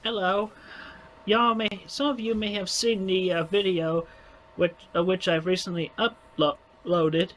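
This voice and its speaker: Man, halting and stumbling monologue, archive clip with light noise. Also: sits high, steady tone, fairly bright tone, poor audio. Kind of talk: video monologue.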